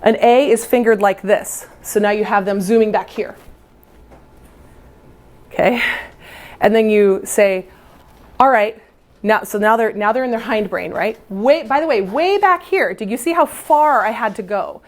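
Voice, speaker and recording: A woman, a music teacher, giving a lively storytelling lesson to other teachers and acting out how children react. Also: medium pitch, a little slow, pauses often. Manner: animated, playful, acts out children's reactions.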